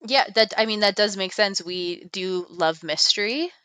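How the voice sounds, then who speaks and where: A woman's voice: mid-range voice, normal speed, sharp tone, clean tone, no room sound. A woman guest in a casual podcast conversation, thinking through questions aloud with many fillers. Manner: thoughtful, questioning, filler-heavy.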